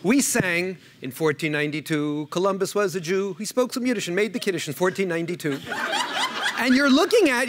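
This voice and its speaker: A man with a New York accent, giving an animated, joke-filled conference talk and often repeating words as he restarts. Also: sits high. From United States. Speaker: panel speaker, historian. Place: conference room.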